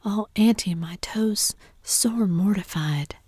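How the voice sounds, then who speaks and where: A woman's voice: fairly low pitch, fairly even intonation, measured pace, mellow, breathy edge, dry recording, studio quality. Tom Sawyer, a whispered woman doing a mischievous boy. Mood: plaintive. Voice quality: whispered, groaning, plaintive. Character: boy, mischievous, faking illness. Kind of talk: whispered role-play.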